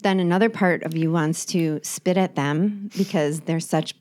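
A woman's voice: lowish voice, moderate pace, a little mellow. Chatty Southern-accented mother. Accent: Southern American. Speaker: podcast co-host, parent. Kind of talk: casual chat.

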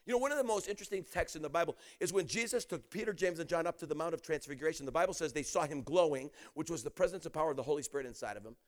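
A man preaching an energetic storytelling sermon, often shouting, acting out quotes and laughing. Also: on the high side, rapid-fire, few pauses.

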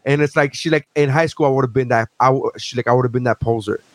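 A man in his forties hosting a podcast, chatting casually with profane, animated ranting and mocking asides. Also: mid-range voice, fast, dry recording. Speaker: podcast host. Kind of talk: casual chat.

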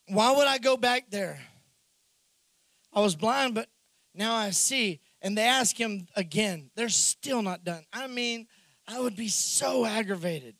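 A man preaching a sermon in an animated way, acting out the characters' lines in the story. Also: high-pitched, unhurried, no echo. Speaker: pastor.

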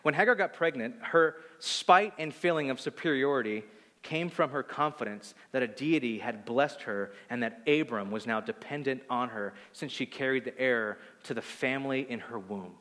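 A man preaching a sermon in an animated, conversational way, often repeating words as he gets excited. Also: medium pitch, moderate pace, in a large hall. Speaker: pastor.

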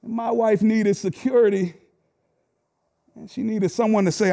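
High-voiced, animated preaching man. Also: unhurried, vocal fry. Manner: animated storytelling preacher, rising to shouts. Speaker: pastor. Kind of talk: sermon.

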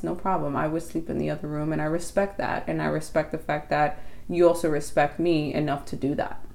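Young woman, podcast co-host, casual storyteller, lively with quoted asides, a little low in pitch. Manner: animated, acts out quoted thoughts.

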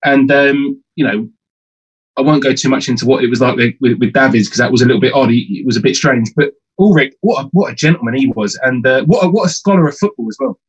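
Male host, casual rambling recollection, hesitant, mid pitch. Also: quick pace, slightly rough, lo-fi sound. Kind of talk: casual chat.

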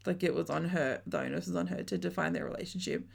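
A woman's voice: on the low side, fast, vocal fry, husky. A woman co-hosting a podcast, chatting casually and swearing as she recaps a reality show. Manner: chatty, swearing, laughing often. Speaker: podcast co-host.

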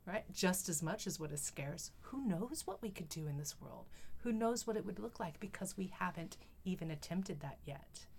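A woman's voice: lowish voice, lively intonation, normal speed, gravelly, hardly any pauses, a little mellow, a little hiss or hum. Thoughtful Australian woman, podcast host. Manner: thoughtful, enthusiastic. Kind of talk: casual conversation about poetry.

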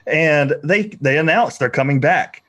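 Loud self-mocking male guest. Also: on the high side, unhurried. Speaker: podcast guest. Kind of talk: casual chat.

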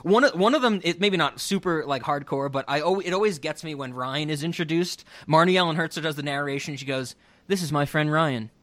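A man's voice: a little high, fairly quick, few pauses, a bit bright. A man co-hosting a casual podcast chat, rambling and laughing often as he talks. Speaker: podcast co-host.

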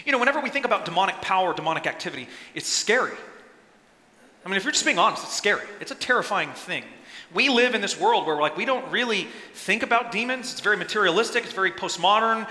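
A man preaching a sermon as pastor, animated, acting out quoted lines with sudden loud bursts. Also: sits high, quick pace. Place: church sanctuary. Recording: echoey church hall.

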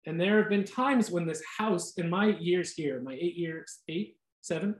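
A man giving an earnest, reflective talk at a Christian study community, pausing for restarts and asides. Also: sits high, roomy sound.

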